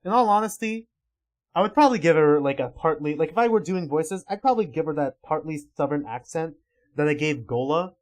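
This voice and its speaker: A man giving excitable, profane commentary on a livestream, drifting into rambling asides. His pitch is highly animated, swinging up and down. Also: a little fast. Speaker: livestream webcomic reader.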